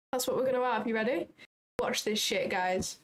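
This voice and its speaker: A young woman hosting a trading livestream, chatty and excitable, swearing casually. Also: a little high, rough recording. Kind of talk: casual live commentary.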